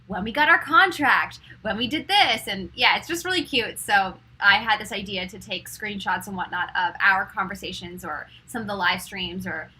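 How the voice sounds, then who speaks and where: A young woman hosting a live-stream meditation show, chatting casually with viewers and giggling, then guiding a short meditation in a softer, slower voice. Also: mid-range voice, slightly rough, poor audio. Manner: chatty and giggly, many fillers; soft and slow when guiding meditation.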